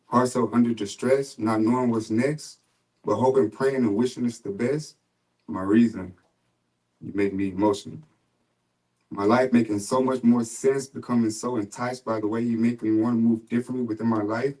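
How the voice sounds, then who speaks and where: Poet: man, low mellow voice, steady rhythmic recitation. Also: moderate pace, rough recording. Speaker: spoken word poet. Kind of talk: poetry reading.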